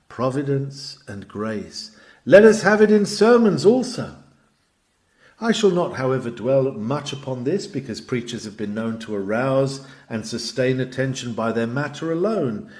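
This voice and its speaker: A man reads an old sermon aloud, his voice sitting in an ordinary middle register. His delivery is animated and dramatic, rising to emphatic swells and falling back to quiet drops. It sounds like a read-aloud sermon. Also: medium pitch. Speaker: sermon reader.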